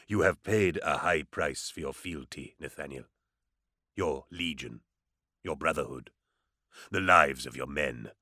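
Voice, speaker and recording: A man voicing an ancient, solemn male psyker regent who speaks slowly and gravely in an audiobook. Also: very deep voice, bright, forceful tone, dry recording, studio quality, voice pushed down, heavily acted. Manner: slow, grave, intoning. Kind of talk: audiobook character voice.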